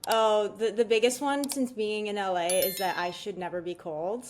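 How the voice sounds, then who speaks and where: A woman's voice: mid-range voice, fairly even intonation, moderate pace, slight background noise. A young woman from Canada, a startup founder, chatting casually on a video call with lots of fillers. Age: young adult. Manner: chatty, hesitant, many fillers. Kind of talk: casual interview chat.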